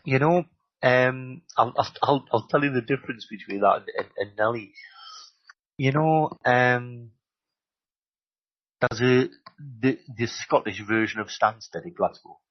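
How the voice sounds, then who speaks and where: English man, medium, lively storyteller, husky, dry close sound. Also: medium pitch, measured pace, no echo, muffled recording. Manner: lively anecdotal storyteller, many "you know"s. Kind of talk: storytelling at a live talk.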